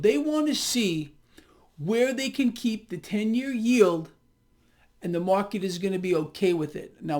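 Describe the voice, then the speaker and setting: A middle-aged man hosting a casual market commentary, talking straight to his viewers in an animated, chatty way. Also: sits high.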